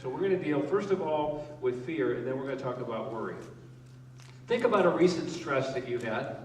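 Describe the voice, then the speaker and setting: A man's voice: mid-range voice, expressive, brisk, darkish tone, a little hiss or hum. A male pastor giving a conversational sermon, asking the congregation questions and joking with them. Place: church hall with a live congregation. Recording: echoey hall, voice from a distance.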